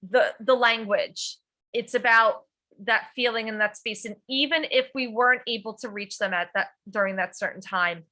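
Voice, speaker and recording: A woman's voice: on the high side, sharp tone. A middle-aged woman teacher giving a conference workshop talk, earnest and compassionate, with many "you know" fillers. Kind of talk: conference presentation.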